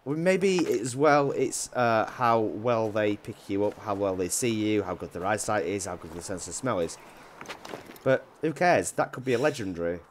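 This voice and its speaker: A man's voice: on the low side, animated, a little slow, a little hiss or hum. Chatty Yorkshireman narrating a hunting game. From Yorkshire, England. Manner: rambling, chatty, hesitant restarts, often drops quiet. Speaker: gaming YouTuber. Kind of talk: casual gameplay commentary.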